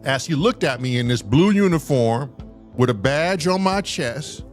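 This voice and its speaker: Animated, profane storytelling man. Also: on the high side, a little slow, soft background music. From Southern California. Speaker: co-host telling a story. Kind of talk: live casual storytelling.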